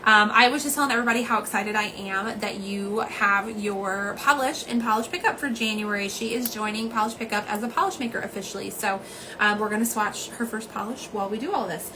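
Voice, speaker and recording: A woman's voice: mid-range voice, brisk, noisy background. A woman chatting casually on a live stream from home, rambling and greeting viewers by name. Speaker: livestream host. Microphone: phone camera.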